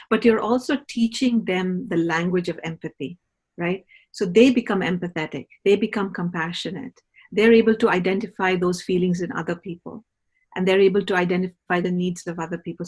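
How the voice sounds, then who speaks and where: A woman's voice: on the low side, a little mellow. A middle-aged woman, a parenting educator, explaining patiently in a podcast conversation and often checking in with "right?". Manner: patient teaching tone, often ends points with a questioning "right?".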